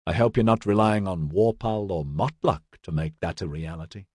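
A man's voice: low-pitched, moderate pace, darkish tone, husky, dry recording, studio quality. A man reading the part of a resolute young male leader who speaks firmly and briefly.

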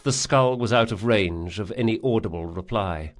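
A man narrating a fantasy audiobook in a measured, vivid storytelling manner. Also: fairly low pitch. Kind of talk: scripted narration.

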